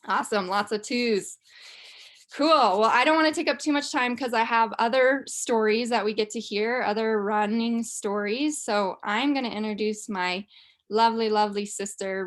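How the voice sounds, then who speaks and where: A young woman hosting a live business call, upbeat and chatty. Her pitch sits in an ordinary middle range, and she keeps the talk casual and enthusiastic with easy fillers. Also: fairly bright tone. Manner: bubbly, enthusiastic, with frequent fillers and laughs. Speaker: host of a business mastermind call.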